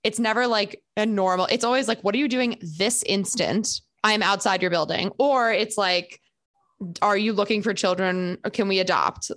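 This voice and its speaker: A woman's voice: medium pitch, moderate pace. A young woman hosting a podcast, chatting casually and telling emphatic stories with acted-out quotes. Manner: animated storyteller, acts out quotes, emphatic. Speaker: podcast host. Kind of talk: casual chat.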